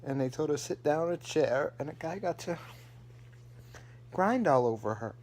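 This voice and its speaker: A man's voice: a little high, lively intonation, normal speed, darkish tone, a little hiss or hum. A man casually recapping a TV episode as a vlogger, rambling with lots of fillers and restarts.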